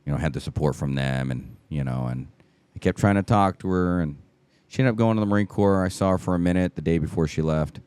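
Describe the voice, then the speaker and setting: A man's voice: sits low, quick pace, darkish tone, smooth, dry recording. A middle-aged man, a fitness coach, telling an emphatic story in a casual podcast conversation, with frequent swearing. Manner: emphatic storytelling, profanity, acted-out quotes.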